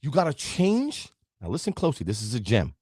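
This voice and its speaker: Emphatic motivational man, husky and lively. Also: medium pitch, brisk, no room sound, clean studio sound. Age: middle-aged. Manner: preachy, emphatic, addresses listeners directly. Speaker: podcast host. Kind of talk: motivational talk.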